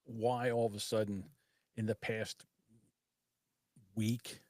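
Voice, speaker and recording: A man's voice: on the low side, little pitch movement, takes it slowly, a little mellow, no room sound, clean studio sound. A man, hosting a casual live stream, rambling and laughing often. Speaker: host.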